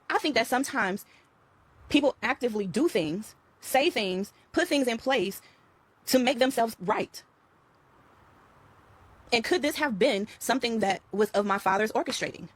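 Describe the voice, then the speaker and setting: A middle-aged woman, talking in a casual spiritual vlog, emphatic and repetitive, calling her viewers y'all. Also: medium pitch. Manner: emphatic, repeats phrases, addresses viewers as y'all and child. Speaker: vlogger talking to her followers.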